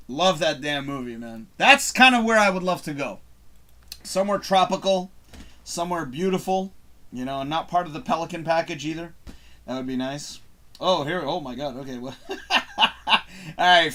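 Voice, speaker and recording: A man's voice: a little high, bright, forceful tone. A man hosting a casual live stream, reading out viewer questions and answering in a loose, profane, rambling way with frequent laughs.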